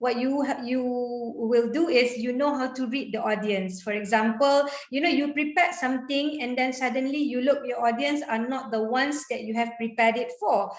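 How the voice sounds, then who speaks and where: A woman talks energetically in a high voice, giving speaking tips to a panel. Her voice rings in an echoey room. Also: moderate pace, few pauses. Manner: energetic, chatty, demonstrates intonation with examples. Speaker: guest speaker on public speaking. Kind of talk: online panel talk.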